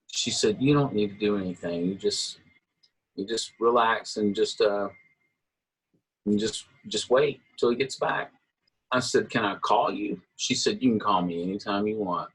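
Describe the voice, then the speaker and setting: The audio is poor, carrying a fairly low, slightly rough male voice. He's a middle-aged guitarist being interviewed, spinning casual stories with animation and performing the voices of those he quotes.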